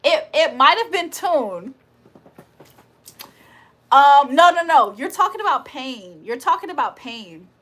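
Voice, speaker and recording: A woman's voice: high voice, animated, slow pace, long pauses, fairly bright tone. A young woman hosting a casual livestream, reading chat aloud and laughing often. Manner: chatty, laughs often, reads comments aloud.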